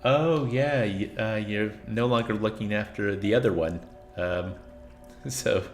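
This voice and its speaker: A man's voice: fairly low pitch, slow, echoey room, soft background music. A man streaming a video game, casually chatting with viewers and laughing at himself. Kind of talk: casual gameplay commentary.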